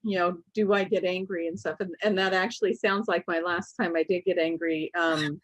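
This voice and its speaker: A middle-aged woman co-hosting a casual chat, telling lively stories and acting out her own outbursts. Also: fairly low pitch, normal speed, no room sound. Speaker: co-host.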